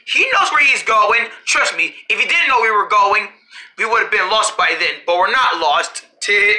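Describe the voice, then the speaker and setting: A cartoon creator voicing every character in a family road-trip cartoon, with frequent shouting and screams. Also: medium pitch, moderate pace. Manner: shouting and screaming often, animated. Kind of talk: one-person cartoon dialogue.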